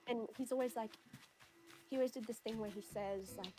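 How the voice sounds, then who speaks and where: A woman's voice: on the high side, fairly even intonation, a little fast, over music. A woman chatting casually as a guest on a stream, her speech full of "like" and "um". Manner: chatty and peppered with "like" and "um". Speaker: stream guest and video creator. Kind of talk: casual chat.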